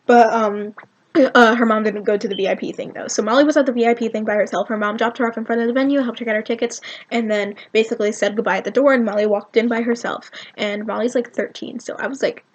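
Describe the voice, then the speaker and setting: Woman vlogger from Virginia, fairly high voice, excitable and rambling, filler-heavy storytime delivery. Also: fast talker, highs cut off. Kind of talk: storytime vlog.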